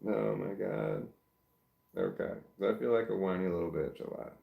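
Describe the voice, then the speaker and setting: Low gravelly man, rambling and roomy. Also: steady tone, moderate pace, phone-quality sound. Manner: rambling, self-reflective, trailing off and restarting; soft baby-talk to his dog. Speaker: vlogger. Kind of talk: casual personal vlog. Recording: roomy echo.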